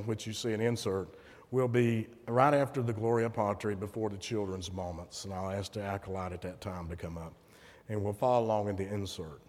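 A pastor with a cold-stuffed nasal voice, giving friendly, plain-spoken church announcements with light asides. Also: male voice, on the low side, a little mellow. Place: church sanctuary. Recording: long church reverb.

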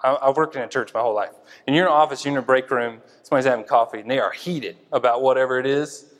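A man preaching an informal sermon, talking to his listeners in an easy, conversational way. He thinks aloud, pausing on fillers and restarting his sentences. His mid-pitched voice rings out with a long hall reverb.

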